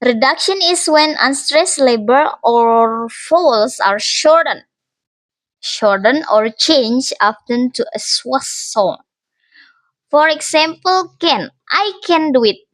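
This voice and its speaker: A young woman talks through a recorded class presentation at an unhurried pace. Her voice sits a little high, and she often repeats or corrects herself as she goes. The sound is close and dry. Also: expressive, a bit bright, no echo. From Indonesia. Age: young adult. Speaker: university student presenting.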